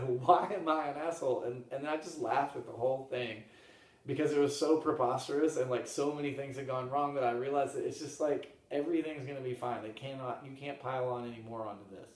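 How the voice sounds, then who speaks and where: A man's voice: medium pitch, fairly quick. Man telling a rambling story, roomy sound. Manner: rambling, laughs often, softens to a murmur for calm moments. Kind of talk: casual storytelling. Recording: roomy, from a distance.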